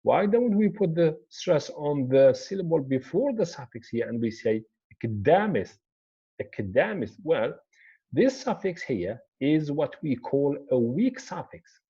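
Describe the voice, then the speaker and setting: A man teaching English word stress in a slow, repetitive lecture, pointing things out as he explains. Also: a little high, big pitch swings, mellow, breathy edge, muffled recording. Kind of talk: classroom lecture.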